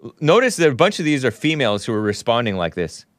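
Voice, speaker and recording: A man's voice: medium pitch, sing-song, quick pace, no echo, studio quality. A male show host giving solo commentary, mocking and sarcastic as he reads out social media replies.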